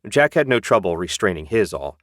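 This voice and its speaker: Low-voiced man narrating an audiobook. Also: very animated, a little fast, no room sound, clean studio sound.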